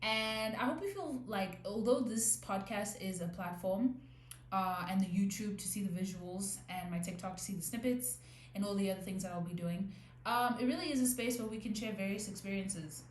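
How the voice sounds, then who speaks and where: A woman's voice: mid-range voice, normal speed. A young woman hosting her own casual podcast, rambling and restarting as she goes. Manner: rambling, self-correcting, restarts often. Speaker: podcast host. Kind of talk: casual solo podcast talk. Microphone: new podcast mic. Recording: echoey room, faint background noise.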